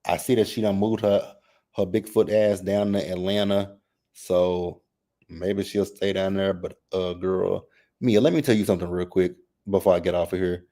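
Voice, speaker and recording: A man hosting a casual reality TV recap, reading chat comments and reacting in a sassy, animated way. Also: moderate pace. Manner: sassy, animated, mimics cast members with exaggerated high voices; repeats phrases for emphasis.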